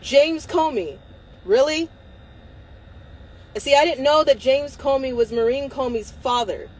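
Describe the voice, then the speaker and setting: Woman with a high voice, furious and emphatic, delivering a livestream rant into her phone. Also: a little slow, darkish tone, low-quality recording. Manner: angry, emphatic, swearing. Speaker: livestream host.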